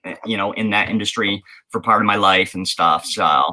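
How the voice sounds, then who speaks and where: Bright-voiced rambling American man. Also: fairly low pitch, moderate pace, low-quality recording. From United States. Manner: rambling, many restarts and fillers. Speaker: podcast co-host. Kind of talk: casual chat.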